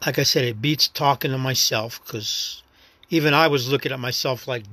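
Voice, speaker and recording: A man with a New York accent talks through his life story on his own podcast, rambling and reflective without pushing. His voice sits in an ordinary middle pitch. The recording is dry and close, with no room sound. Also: moderate pace, sharp tone, no echo. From New York City. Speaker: podcast host. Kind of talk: casual personal monologue.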